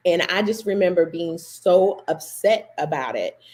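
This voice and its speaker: Woman, 30s, ministry host; low-pitched, animated storyteller giving a personal testimony. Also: unhurried. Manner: animated storyteller, acting out remembered dialogue. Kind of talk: personal testimony to a livestream audience.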